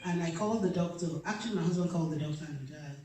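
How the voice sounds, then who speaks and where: A woman's voice: lowish voice, racing, a little mellow, faint music behind. A middle-aged woman giving an earnest, emotional personal testimony and acting out the dialogue as she tells it. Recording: very echoey room, mic far off.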